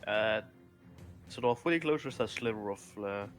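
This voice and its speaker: Male player, bright tone, quiet and questioning. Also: lowish voice, brisk, soft background music. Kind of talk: casual tabletop gaming chat.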